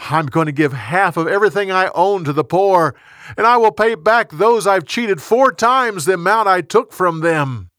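A man's voice: high-pitched, lively intonation, normal speed, a bit bright, no room sound, studio quality, pitched above the performer's own voice. A man voicing eager repentant tax collector.

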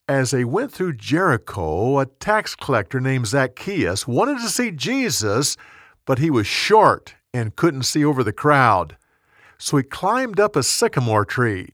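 A man narrating a Bible story in a clear, expressive storytelling manner. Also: mid-range voice, measured pace, dry recording, clean studio sound.

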